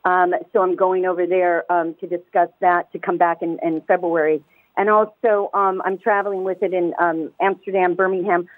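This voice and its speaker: A woman's voice: fairly low pitch, little pitch movement, dry recording. Emphatic woman on a tinny phone line. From United States. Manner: fast, emphatic, repeats words as she restarts. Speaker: caller. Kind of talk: radio phone-in talk. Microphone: telephone.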